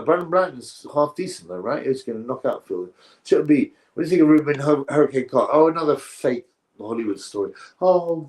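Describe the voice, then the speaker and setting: A man's voice: on the high side, a little mellow. A man hosting a live boxing stream, chatting through viewer comments in a rambling, opinionated way and often correcting himself mid-sentence.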